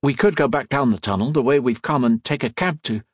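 A man's voice: mid-range voice, breathy edge, dry recording, voice pushed up, natural voice. A man doing a tense, earnest young man. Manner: hurried, earnest.

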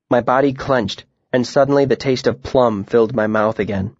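A man narrating a story in a quiet, reflective voice at a measured pace. His voice is of middle pitch, and the sound is dry and slightly dull. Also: no room sound. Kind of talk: audiobook narration.

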